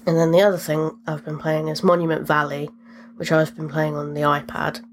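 Low-voiced woman chatting about games. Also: little pitch movement, fairly quick, a little hiss or hum. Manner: chatty, rambling with fillers and asides. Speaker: podcast host. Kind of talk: casual chat about video games.

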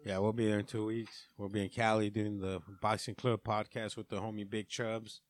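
A man's voice: lowish voice, little pitch movement, normal speed. A man hosting a podcast, teasing his friends with dry, crude remarks. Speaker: podcast host. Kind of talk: casual podcast banter.

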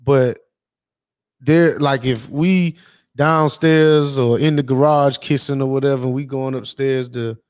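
A man's voice: medium pitch, unhurried, no room sound. Joking man co-host, dry sound. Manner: joking, animated storytelling. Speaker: podcast co-host. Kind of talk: casual chat.

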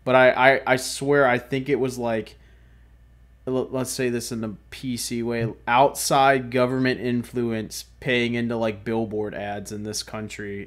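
A man's voice: medium pitch, flat delivery, a little slow. A man co-hosting a podcast, talking in a rambling, profane, casual way. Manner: rambling, profane, swings loud. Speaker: podcast co-host. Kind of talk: casual chat.

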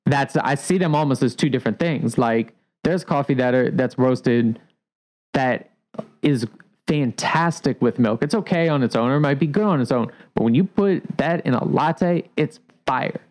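A man who works as a coffee shop barista, talking in a relaxed, rambling way with many fillers in a casual podcast chat. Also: mid-range voice, moderate pace, poor audio.

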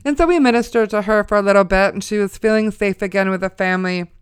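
A woman's voice: mid-range voice, fast talker, clear, resonant tone, no echo, clean studio sound. A woman in her forties telling a family story as a spoken testimony, conversational with preacher-like asides. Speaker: mother sharing a testimony.

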